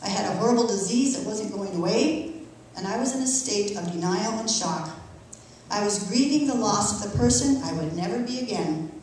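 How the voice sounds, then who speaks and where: A middle-aged woman reads her personal testimony aloud in church, earnest and emotional yet steady. Her medium voice carries through a strongly echoing sanctuary from a distant microphone, with a faint hum of room noise beneath. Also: medium pitch. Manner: earnest, emotional, measured reading. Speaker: church member giving testimony. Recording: echoey church from far off.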